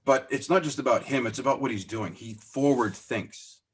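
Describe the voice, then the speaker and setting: A man's voice: mid-range voice, moderate pace, husky. A man, a podcast guest and business owner, telling stories in a casual interview, acting out the dialogue and laughing at himself as he goes. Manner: animated, acts out quoted dialogue; self-deprecating, laughs as he talks.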